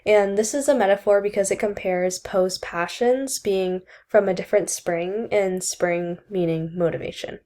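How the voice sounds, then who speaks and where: Young woman doing a school presentation, reads her notes slow and careful, says um and like a lot. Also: mid-range voice, dark tone. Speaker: student presenter. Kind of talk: school presentation reading a poem analysis.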